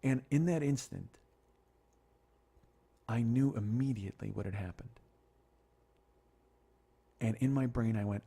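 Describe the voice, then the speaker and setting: A middle-aged man hosting a podcast, telling a long profane story in a rambling, animated way. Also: mid-range voice, unhurried, pauses often, breathy edge. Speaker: podcast host. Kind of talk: storytelling monologue.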